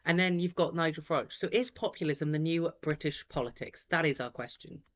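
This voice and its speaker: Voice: medium pitch, fairly quick, fairly bright tone. Host, chatty rambling results commentary from home, muffled lo-fi audio. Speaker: host of a live results stream. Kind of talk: casual live commentary. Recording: dull lo-fi sound.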